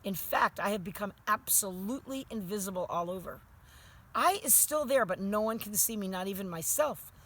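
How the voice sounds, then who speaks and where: A woman reading aloud, voicing a boastful young boy excitedly telling his dream in broken grammar. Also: mid-range voice, moderate pace.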